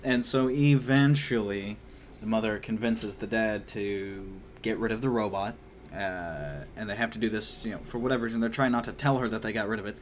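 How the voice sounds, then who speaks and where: A man's voice: on the low side, normal speed, a little hiss or hum. Chatty young man reviewing a book. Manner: chatty, many fillers, acts out characters' lines in a raised voice. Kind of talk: casual spoken book review.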